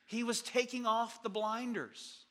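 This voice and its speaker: Bright-voiced male preacher, high and tense. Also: fairly even intonation, measured pace. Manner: reads scripture then preaches with rising energy, asks the congregation questions. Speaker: pastor. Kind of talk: sermon.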